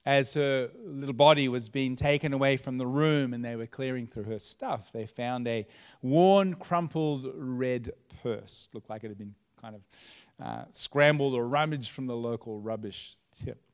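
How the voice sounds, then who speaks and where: A man, a pastor telling a story in a sermon, setting each scene with dramatic pauses. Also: mid-range voice, clear, resonant tone.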